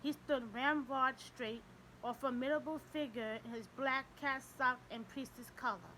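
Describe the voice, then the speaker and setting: A woman narrating a crime novel in an even, descriptive way. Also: high-pitched, measured pace, slight background noise, poor audio. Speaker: audiobook narrator.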